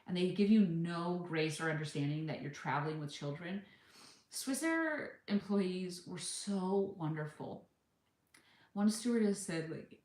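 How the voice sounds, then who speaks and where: A woman's voice: lowish voice, normal speed, a little hiss or hum. A woman in her thirties from the United States, telling a travel story casually and acting out the people she quotes. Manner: chatty, animated retelling with quoted voices. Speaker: vlogger. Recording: echoey room.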